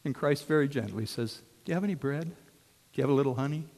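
A man preaching a sermon as a story, swinging from hushed tones to shouts. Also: mid-range voice, quick pace, creaky. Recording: long hall reverb.

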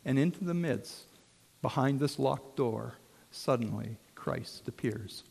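A man's voice: mid-range voice, lively intonation, slow, gravelly, husky. Preacher man with a dramatic hall-echoed delivery. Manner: dramatic swings from hushed to shouted. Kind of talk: sermon storytelling. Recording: long hall reverb.

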